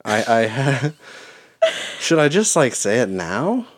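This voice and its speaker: A woman co-hosting a podcast in casual chat, relaxed and quick to laugh. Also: rumbling low, a little hiss or hum. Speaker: podcast co-host.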